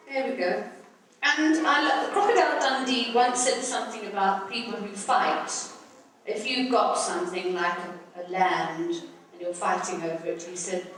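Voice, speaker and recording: A woman's voice: mid-range voice, fairly bright tone. A woman teaching and singing to young children, cheerful and coaxing, asking the class questions. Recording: echoey room, distant mic, music behind.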